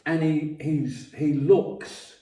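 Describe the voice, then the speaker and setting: A man tells a long story in a mellow, unhurried voice. He swears freely, restarts sentences and coughs now and then. The room is echoey and the mic sits some way off. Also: a little high, fairly even intonation. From London. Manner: profane, repetitive, many restarts and coughs. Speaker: podcast guest. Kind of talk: rambling casual storytelling. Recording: roomy, distant mic.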